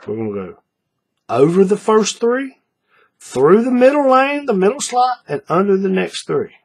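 A folksy man walks viewers through a hands-on craft tutorial, repeating each step and often checking they are following. His voice is very husky and rough, and it swings lively up and down as he explains. He sits at a desk with the camera mic nearby. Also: sits high, normal speed. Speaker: paracord craft instructor.

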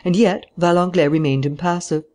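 A narrator giving a steady, measured reading of a classic novel, growing louder and higher in heated dialogue. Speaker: audiobook narrator. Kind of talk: scripted narration.

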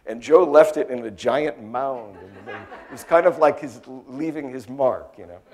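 A middle-aged American man giving a talk, telling lively anecdotes in a chatty way with plenty of fillers. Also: medium pitch, normal speed.

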